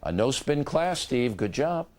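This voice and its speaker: A man's voice: medium pitch, sing-song, unhurried, a little mellow. A man hosting a cable news show, reading viewer letters aloud and answering each with a short, dry retort. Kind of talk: reading viewer mail on air.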